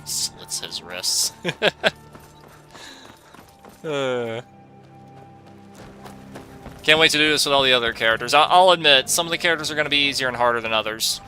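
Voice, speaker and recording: A man talking over his own gameplay in a very bright, sharp voice. He rambles in a casual way, with wry, jokey asides to his viewers. A little music sits faintly behind him. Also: medium pitch, expressive, moderate pace, pauses often. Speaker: gaming video host. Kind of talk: casual let's-play commentary.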